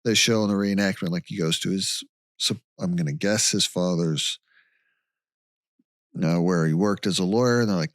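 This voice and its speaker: A man's voice: deep voice, moderate pace, no echo, studio quality. A man co-hosting a podcast, casually retelling a case from his notes. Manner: relaxed storytelling from notes. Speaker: podcast co-host. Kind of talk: casual chat recapping a case.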